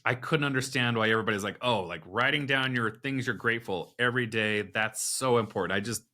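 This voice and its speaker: A man's voice: mid-range voice, fairly quick. A man, a podcast guest, candidly retelling a personal experience, acting out the thoughts and voices in it. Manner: candid, animated retelling with quoted inner dialogue. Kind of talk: personal storytelling in an interview.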